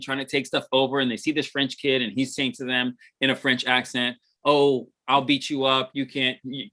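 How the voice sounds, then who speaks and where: A man's voice: a little high, bright, forceful tone. A man chatting casually on a livestream, rambling with many restarts and frequent laughs. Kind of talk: casual chat.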